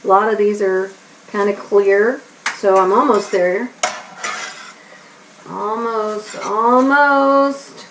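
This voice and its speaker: Chatty woman cooking, slow and roomy. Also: mid-range voice, steady tone, far from the mic, noisy background. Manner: chatty, talks to herself while stirring. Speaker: cooking show host. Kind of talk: casual cooking demonstration for kids. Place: home kitchen. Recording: roomy kitchen, mic set back. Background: onions sizzling in a pan.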